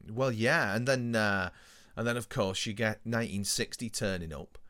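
Bloke with a lowish voice, dry opinionated asides, easy chat. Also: male voice, normal speed, a bit bright, clear, resonant tone. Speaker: podcast co-host. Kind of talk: casual chat.

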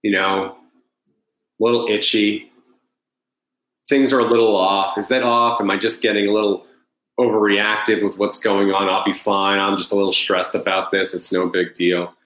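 A man's voice: lowish voice, flat delivery, normal speed, fairly bright tone, echoey room, low-quality recording. A man telling a personal story at length. He rambles, repeats words and acts out his own past thoughts. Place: Los Angeles.

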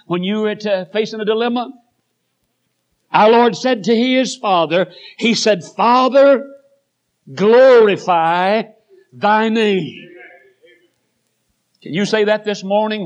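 A preacher, a man in his later years, delivering a sermon with dramatic storytelling that swings between loud passages and hushed ones. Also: high-pitched. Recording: dull lo-fi recording.

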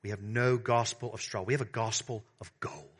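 A male pastor preaching a sermon, alternating between fervent, raised declarations and soft, hushed appeals to his congregation. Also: lowish voice, steady tone, normal speed, slightly rough. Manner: swings from loud preaching to hushed tenderness; addresses the congregation as beloved.

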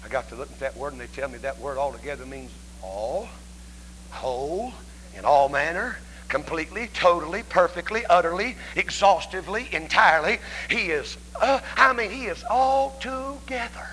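A man preaching a revival sermon in a Southern American accent, telling folksy stories and swinging from shouts down to hushed whispers in a church. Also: on the high side, expressive, moderate pace, poor audio. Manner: folksy storytelling. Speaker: evangelist preacher. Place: church sanctuary. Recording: faint hum on a 1990s church tape.

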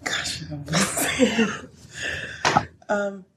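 A woman's voice: medium pitch, very slow. A woman guest in a casual interview, telling stories candidly and laughing often, recorded in an echoey room. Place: her studio. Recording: echoey room with faint noise.

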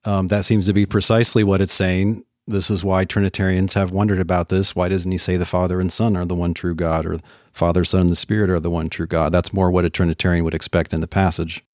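A man's voice: low-pitched, little pitch movement, quick pace, dry recording, studio quality. A man giving confident, dismissive rebuttals in a formal debate.

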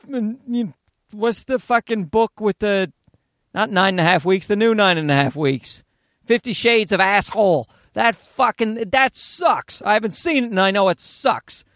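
A man's voice: sits high, fairly bright tone, no room sound, clean studio sound. A man hosting a solo podcast, ranting in a rambling, profane, sarcastic way. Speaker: podcast host.

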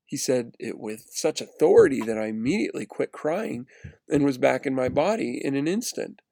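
Man with a gravelly narrating voice. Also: mid-range voice, moderate pace, no room sound. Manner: earnest, steady reading with small restarts. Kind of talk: read-aloud first-person story narration.

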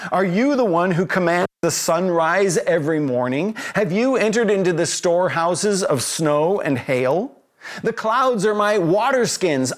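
A preacher acting out a mighty deity ranting at a man with taunting, boastful questions. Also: high-pitched.

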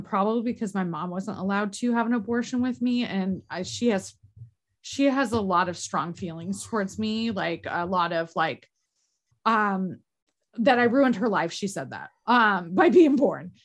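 A woman in a candid podcast conversation, talking earnestly and emotionally, halting with restarts and frequent fillers. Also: mid-range voice.

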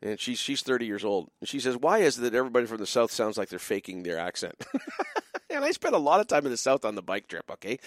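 A middle-aged man who hosts a late-night call-in radio show and pastors a biker church talks at medium pitch in a rambling, playful way, full of fillers and restarts. He tosses in mock-drawling asides. The studio-quality recording has no room sound.

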